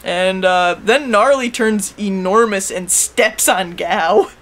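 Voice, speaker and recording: A woman recapping an episode in casual chat, rambling with many fillers and quick put-on character voices. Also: mid-range voice. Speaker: co-host reviewing an anime episode.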